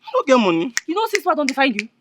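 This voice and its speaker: An actor playing a broke young debtor who pleads and shouts in Nigerian Pidgin. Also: male voice, huge pitch swings, racing, background noise, exaggerated voice. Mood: pleading. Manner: pleading and shouting in a strained high voice. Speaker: debtor begging a shop owner. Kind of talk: film drama acting.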